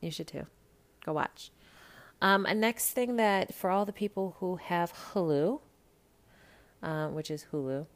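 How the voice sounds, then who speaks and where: A woman hosting a podcast in casual chat, animated and profane, talking straight to her listeners about reality TV. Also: fairly low pitch, measured pace, pauses often. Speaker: podcast host.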